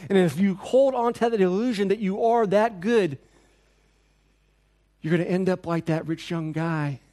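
A pastor preaching a sermon in a church, with an earnest, repetitive cadence. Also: male voice, high voice, normal speed, warm tone.

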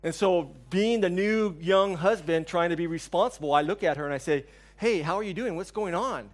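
A man's voice: high-pitched, moderate pace. A man in his forties preaching a sermon, telling a funny story with asides to the congregation. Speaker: pastor.

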